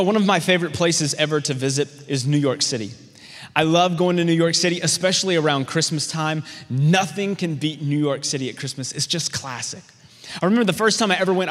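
A man preaching a sermon, who tells stories with lively acted-out voices. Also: a little high, long reverb tail. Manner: storytelling, animated voices in anecdotes. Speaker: pastor.

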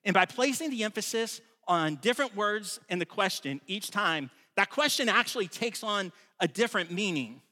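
A man preaches in a high, bright, forceful voice, keeping it relaxed and conversational while he stresses key points. He often stumbles into restarts. His voice carries a long reverb from the large room he speaks in. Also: normal speed, few pauses. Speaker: pastor. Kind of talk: sermon.

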